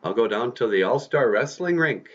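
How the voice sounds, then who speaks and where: Guy doing a hot-headed young hero kid, voice pushed way up over his usual low tone, lo-fi sound. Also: lively intonation, normal speed, natural voice. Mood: eager. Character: young male superhero, eager and hot-tempered.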